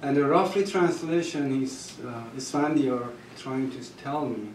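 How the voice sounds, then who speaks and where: A man's voice: mid-range voice, a little hiss or hum. Persian-accented man telling stories, echoey room. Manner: halting, with restarts and soft laughs. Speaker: storyteller at a gathering. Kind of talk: personal storytelling. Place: gathering room. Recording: echoey room, mic far off.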